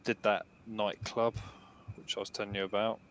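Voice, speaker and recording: Laid-back guest, low voice, light background hiss. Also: male voice, little pitch movement, normal speed, fairly bright tone. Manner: laid-back, hesitant with ums. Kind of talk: casual chat.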